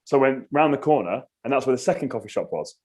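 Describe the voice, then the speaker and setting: A man, a podcast guest telling a story in casual chat, animated and swearing freely. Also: medium pitch, quick pace, breathy edge. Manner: animated, swears freely, acts out his own reactions.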